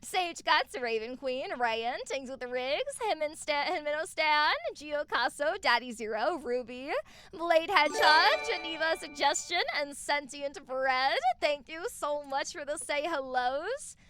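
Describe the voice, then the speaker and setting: Streaming live from home into a desk mic, a woman chats casually, gushing thanks to her viewers with excitable energy and plenty of swearing. Her voice sits high, and she keeps a measured pace.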